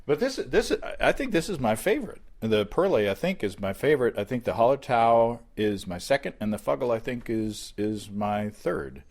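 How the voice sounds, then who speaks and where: A man co-hosting a casual tasting chat, animated and quick to laugh. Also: medium pitch. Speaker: podcast co-host.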